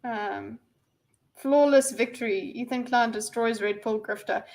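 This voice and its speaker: A woman's voice: a little high, steady tone, unhurried, creaky, a little mellow. A woman hosting a casual livestream, rambling and reading viewers' messages aloud with lots of fillers and restarts. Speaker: livestream host.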